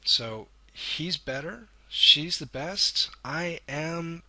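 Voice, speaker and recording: A man's voice: fairly high pitch, extremely slow, pushed and bright, dry recording. A man teaching an English grammar lesson, patiently explaining and drawing out key words as he goes. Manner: patient, stretches key words, corrects himself. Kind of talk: recorded video lesson.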